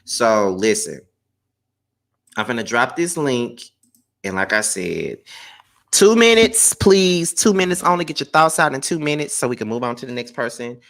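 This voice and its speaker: A man's voice: medium pitch, expressive, normal speed, creaky, a bit bright. A tired man hosting a live stream in casual chat, firm about the rules as he takes calls.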